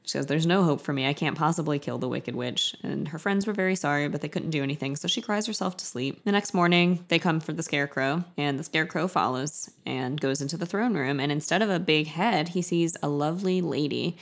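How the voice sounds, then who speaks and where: Low-voiced woman chatting about a book. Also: a little fast, few pauses. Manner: laughs often, reads quotes in playful voices. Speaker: podcast co-host. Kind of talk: casual book discussion with read-aloud passages.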